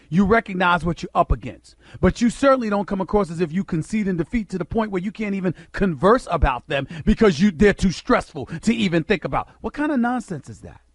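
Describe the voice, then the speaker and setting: A man's voice: sits high, expressive, fairly quick, husky, no room sound. A middle-aged American man delivering an impassioned sports radio monologue, emphatic and preacher-like, firing rhetorical questions at listeners.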